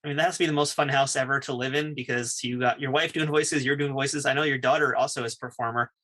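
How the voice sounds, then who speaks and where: A man's voice: medium pitch, steady tone, quick pace, sharp tone. A male podcast host asking questions as an enthusiastic fan of the show. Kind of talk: interview questions.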